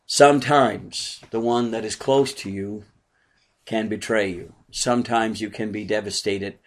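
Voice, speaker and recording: A man's voice: on the low side, steady tone, unhurried. A man, a pastor, giving a conversational bible study sermon and asking his small congregation questions.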